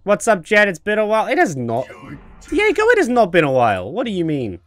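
A male streamer gives loose, cocky commentary over a video game, cracking jokes and swearing freely. His voice is a little high and swings all over, recorded dry and close. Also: huge pitch swings, fairly quick, fairly bright tone, no room sound. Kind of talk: casual gameplay commentary.

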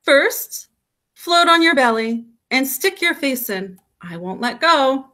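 A woman's voice: high-pitched, expressive, takes it slowly, sharp tone, exaggerated voice. A woman voicing a patient, encouraging mother frog who coaxes her son along. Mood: reassuring. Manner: coaxing, patient.

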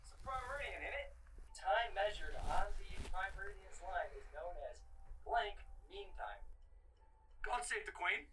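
A man's voice: high-pitched, lively intonation, normal speed, sharp tone, a little hiss or hum. A man putting on an exaggerated mock cockney London accent to play a blustering quizmaster. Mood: brash.

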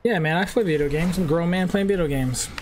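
A man's voice: on the high side, quick pace. A man in his twenties streaming a racing game, chatting casually, swearing and jabbing back at trolls in chat. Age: 20s. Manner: brash, swears, trades jabs with chat trolls. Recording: loud car game sounds behind. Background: racing game engine noise.

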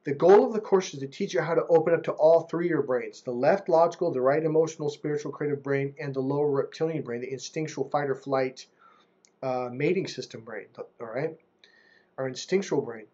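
A man with a fairly high, husky voice, coaching on relationships in a casual talk to camera. He is animated and slips into impressions of other people as he goes. The audio sounds dull and lo-fi. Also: a little fast.

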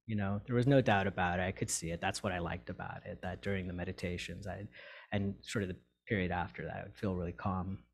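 A man in recovery sharing a personal story with his meditation group, candid and halting, full of fillers and restarts. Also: sits low, steady tone, creaky. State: tearing up.

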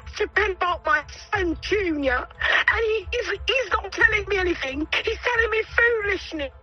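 A woman's voice: very high-pitched, animated, normal speed, faint music behind. A woman in a comedy sketch phone call, pleading frantically and repeating herself.

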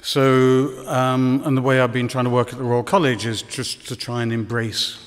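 A man's voice: mid-range voice, flat delivery, moderate pace. Man lecturing in a reverberant hall. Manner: hesitant, many ums, dry ironic asides. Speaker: conference lecturer. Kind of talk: conference lecture.

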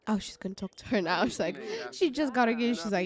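A woman's voice: a little high, animated, normal speed. A woman giving casual, chatty gameplay commentary, gushing and giggling as she goes. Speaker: let's play creator.

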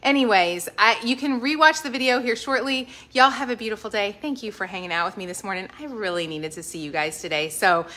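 A woman's voice: mid-range voice, a little fast, few pauses, sharp tone. A woman, hosting a home channel live stream from her kitchen and gushing thanks to viewers by name. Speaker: lifestyle channel host.

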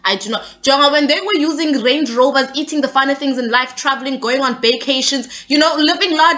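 A woman's voice: sits high, fairly quick, hardly any pauses, bright, forceful tone. A young woman, not an English speaker, giving opinionated, sassy celebrity gossip commentary and often checking in with "okay?". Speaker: gossip news vlogger.

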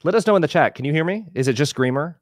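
A man giving a relaxed live screen-share tutorial on a video call, explaining as he clicks through. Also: a little high, rapid-fire, no echo, studio quality. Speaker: webinar instructor.

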